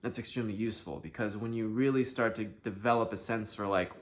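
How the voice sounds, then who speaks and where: A man hosting a self-help video, talking candidly to the camera, swinging between hushed sincerity and loud, emphatic outbursts and swearing freely. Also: lowish voice, fairly even intonation, fast talker, few pauses.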